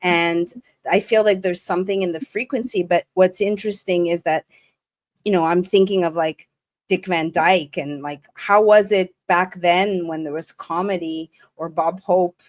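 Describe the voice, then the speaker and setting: A woman hosting a casual interview, working through her thoughts aloud with halting restarts. Her voice sits on the lower side for a woman. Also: steady tone. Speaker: host.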